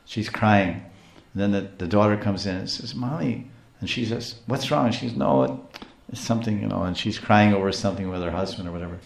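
A man's voice: low-pitched, fairly even intonation, fast, gravelly, few pauses, roomy sound. A man giving a scripture lecture as a spiritual teacher, telling stories with frequent restarts. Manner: storytelling, acts out quotes, frequent restarts.

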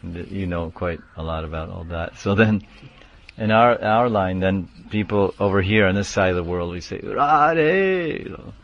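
A man's voice: sits low, fairly even intonation, moderate pace, dull audio. A man teaching a scripture class, explaining terms, chanting verses and calling out names. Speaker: spiritual teacher.

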